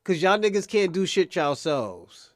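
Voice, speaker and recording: Male streamer host, high voice, dead-dry sound, rambling profane riffing at chat regulars. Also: big pitch swings, a little slow, no room sound. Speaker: livestream host. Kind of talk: casual livestream commentary addressing chat.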